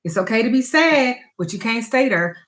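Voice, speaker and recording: A woman's voice: a little high, animated, moderate pace, fairly bright tone. A woman speaking to her audience as a spiritual advisor and tarot reader, frank and emphatic, with blunt swearing. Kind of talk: candid talk to camera.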